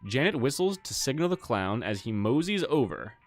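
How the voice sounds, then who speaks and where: A man's voice: medium pitch, sing-song, normal speed, soft background music. A man streaming a game, reading its text aloud in a casual, jokey way.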